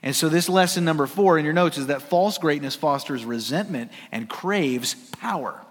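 A man preaching a sermon, swinging between loud emphasis and hushed near-whispers. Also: a little high, moderate pace. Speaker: pastor. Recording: long hall reverb.

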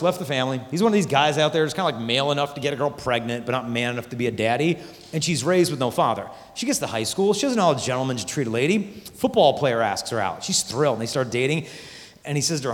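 Animated man speaking in a reverberant hall. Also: a little high. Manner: animated, acts out quoted voices. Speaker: Catholic speaker. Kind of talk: youth conference talk. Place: large conference hall. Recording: hall reverb from a large venue.

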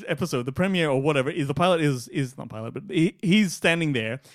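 A man's voice: a little high, fast, no room sound, studio quality. A man co-hosting a podcast, ranting in casual chat and swearing freely. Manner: animated, swearing, acts out quotes in mocking voices. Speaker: podcast co-host.

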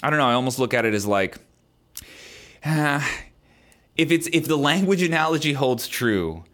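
A man co-hosting a casual podcast, explaining drum practice at length in a relaxed way and chuckling often. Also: fairly high pitch, moderate pace. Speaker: podcast co-host, drummer.

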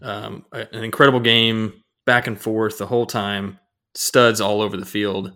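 A man's voice: lowish voice, little pitch movement, sharp tone. A man co-hosting a casual sports podcast, upbeat and jokey, talking into a podcast microphone. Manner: upbeat, jokey, quick banter. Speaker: podcast co-host.

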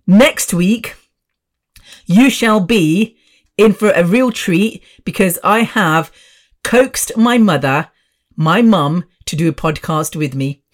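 Woman, 50s, solo podcast host, chatty, rambling, slightly low pitch. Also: expressive, takes it slowly. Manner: chatty and rambling, with laughs and asides. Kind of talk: casual solo podcast chat.

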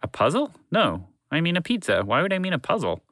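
A man doing a gentle rambling horse. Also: fairly high pitch, huge pitch swings, fairly quick, no room sound, clean studio sound, pitched above the performer's own voice. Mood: musing. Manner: gentle, meandering, absent-minded.

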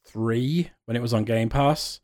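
A man's voice: medium pitch, a little slow, a little mellow, no echo, studio quality. A man co-hosting a casual gaming chat, easygoing and a little hesitant, often trailing off.

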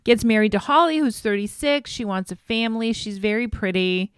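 A woman's voice: on the high side, a little fast, clean tone, no room sound, clean studio sound. A woman co-hosting a podcast, chatting agreeably about a reality show and laughing often. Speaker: podcast co-host. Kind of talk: casual chat recapping a reality show.

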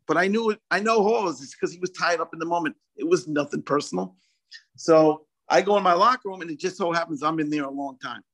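A man's voice: fairly high pitch, fairly bright tone. A man, a basketball coach, telling a story in casual chat, laughing often and acting out what others said.

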